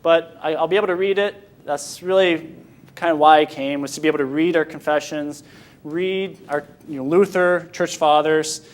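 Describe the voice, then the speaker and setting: A young man from Michigan, USA, with a slightly high voice, gives an informal Sunday school talk. He speaks haltingly, often restarting sentences, before opening the floor to questions.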